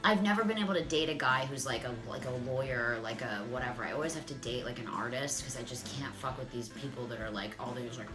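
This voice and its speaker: A woman's voice: rumbling low, fast, few pauses, music in the background. A woman in her thirties telling a comic dating story, swearing a lot and saying "like" constantly. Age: 30s. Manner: profane, animated, fillers of "like". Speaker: vlogger. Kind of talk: comedic storytime monologue.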